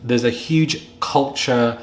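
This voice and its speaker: A young man, speaking earnestly to camera while close to tears, halting and repeating himself. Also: medium pitch. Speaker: vlogger. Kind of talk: emotional to-camera commentary.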